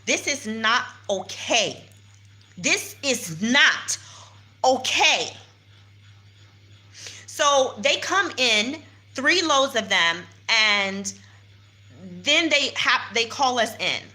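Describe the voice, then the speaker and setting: Woman, American, indignant vlog, bright voice, slightly high, repeats for emphasis, handheld phone. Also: expressive, slow. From United States. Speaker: vlogger. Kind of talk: personal vlog recounting events to followers. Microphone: handheld phone without stabilizer.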